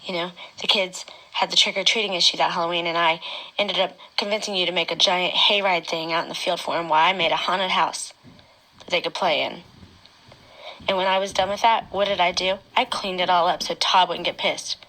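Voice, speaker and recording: A woman speaking an emotional personal testimony straight to her former partner, often dropping to a hushed whisper. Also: lowish voice, steady tone, fairly quick, low-quality recording. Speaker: mother recounting her own experience.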